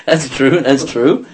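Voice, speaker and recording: Animated man teaching a Bible class. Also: on the high side, low-quality recording. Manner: acts out scripture quotes in character voices; quizzes listeners with questions.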